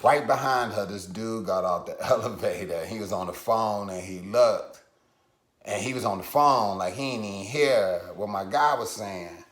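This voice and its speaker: A male comedian telling a road story in an animated way, his voice swinging loud and high as he laughs, in a room with echo. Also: moderate pace. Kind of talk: comic storytelling.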